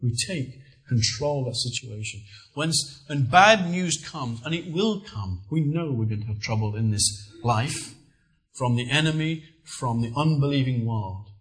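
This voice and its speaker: A middle-aged man preaching a sermon, telling personal stories with earnest, lively emphasis. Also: medium pitch, a little slow, rough recording.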